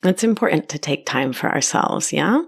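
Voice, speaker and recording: A woman from Argentina talks through her podcast on her own, upbeat and quick to tease herself. Her voice sits on the lower side for a woman, and she laughs easily between thoughts. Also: expressive, gravelly, slightly rough. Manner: warm, upbeat and self-teasing, laughs easily. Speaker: podcast host and life coach. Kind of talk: solo podcast monologue.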